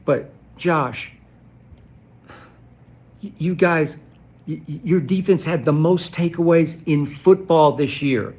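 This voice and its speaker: A man's voice: a little high, slow, pauses often, darkish tone. Emphatic male sports debater. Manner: emphatic, hammering rhetorical questions; repeats key phrases for emphasis. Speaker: sports commentator. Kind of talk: heated sports debate commentary.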